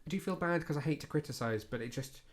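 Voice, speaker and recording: A man's voice: a little high, quick pace. A man co-hosting a podcast, talking casually with lots of fillers and self-deprecating asides. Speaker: podcast co-host. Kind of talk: casual chat.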